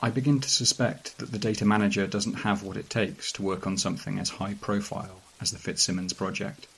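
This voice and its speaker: A man reading a strange first-person story aloud in a calm, dry, measured way. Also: fairly low pitch, creaky, slightly rough, poor audio. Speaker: narrator. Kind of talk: scripted narration of a weird fiction story.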